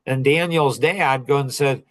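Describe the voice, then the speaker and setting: A man in his sixties telling a story in a casual podcast chat, rambling and halting, with many fillers and restarts. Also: medium pitch, fairly bright tone, low-quality recording.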